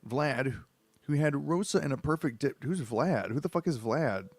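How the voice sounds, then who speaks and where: A man's voice: medium pitch, expressive, moderate pace, a little mellow. A man with a head cold reading a book aloud, breaking off into crude, bewildered, self-mocking asides. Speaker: book reader. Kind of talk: comedic reading with rambling asides.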